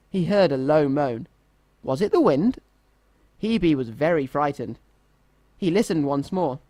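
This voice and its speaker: A man reading a children's story aloud in a gentle, expressive storytelling manner. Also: fairly high pitch, dry recording.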